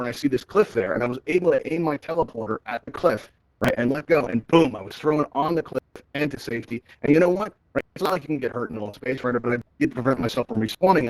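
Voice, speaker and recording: A medium-pitched man hosts a live virtual-reality tutorial, chatty and upbeat, repeatedly asking "right?" into his headset mic. The audio is poor, with no echo.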